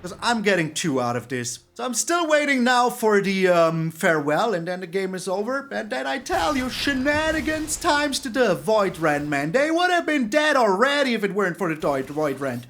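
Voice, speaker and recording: A man giving excitable gameplay commentary on a card game, exclaiming and repeating words for emphasis. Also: sits high, normal speed, few pauses. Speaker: streamer playing a card game.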